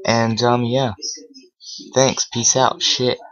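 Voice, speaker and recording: A man's voice: mid-range voice, little pitch movement, slow pace, a bit bright. A man telling a story on his vlog, casual, rambling and full of swearing and filler words. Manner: heavily profane, rambling with many fillers. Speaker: vlogger. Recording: dull lo-fi recording.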